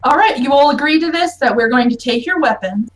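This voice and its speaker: A woman's voice: sits high, expressive, fairly quick, poor audio. A woman voicing a serious, dutiful female guard captain in a firm, businesslike mock Australian accent.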